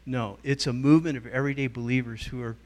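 Medium-pitched and quick, a middle-aged man speaks as a guest teacher at a church gathering. He tells stories with plenty of life, acting out the voices he quotes and adjusting his delivery as he goes.

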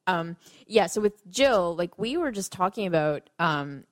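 A woman's voice: on the low side, expressive, a little slow, no room sound. A woman from Canada hosting a podcast interview, friendly and agreeable as she asks her guest questions. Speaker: podcast host. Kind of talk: casual interview.

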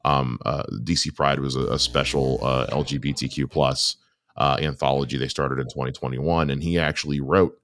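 A man co-hosting a podcast in casual chat, talking haltingly with many fillers. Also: very deep voice, steady tone, a bit bright. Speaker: podcast co-host.

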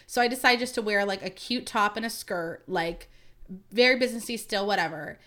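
A woman's voice: medium pitch, brisk, a bit bright. A woman in her thirties, a podcast host, telling a story in a casual, chatty way with lots of asides to her listeners. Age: 30s.

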